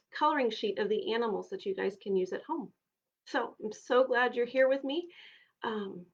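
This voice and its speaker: A woman children's minister giving a live storytime, reading a picture book aloud to children with an expressive read-aloud manner. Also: mid-range voice, highs cut off. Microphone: livestream device.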